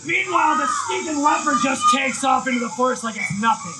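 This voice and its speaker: A man preaching live, telling an excitable story with lots of shouting and bursts of energy. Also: very high voice, fairly quick, few pauses, very noisy. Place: live event, outdoors or hall.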